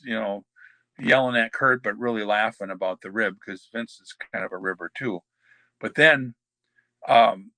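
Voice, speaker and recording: Bright-voiced older man telling stories. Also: mid-range voice, no room sound. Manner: rambling, many fillers and restarts. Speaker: podcast guest, former pro wrestler. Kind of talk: anecdotal storytelling.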